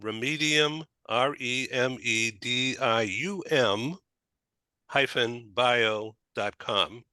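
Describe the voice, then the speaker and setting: Chatty Boston host with a bright voice. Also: male voice, mid-range voice, fairly even intonation, extremely slow, no echo. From Boston area, USA. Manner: rambling, chatty, many restarts. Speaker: talk show host. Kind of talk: casual chat.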